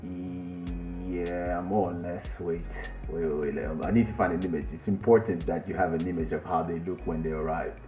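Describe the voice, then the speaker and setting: A man's voice: low-pitched, normal speed, roomy sound, soft background music. A man hosting a podcast, casually telling a rambling story, swearing and turning to a friend in the room. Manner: rambling and animated, swears, laughs, addresses an off-mic friend.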